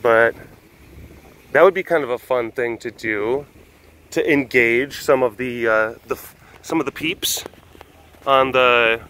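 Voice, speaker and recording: A man's voice: medium pitch, measured pace, long pauses, bright, forceful tone, rough recording. A man hosting a casual vlog, rambling through ideas with self-mocking asides and frequent laughs. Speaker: host.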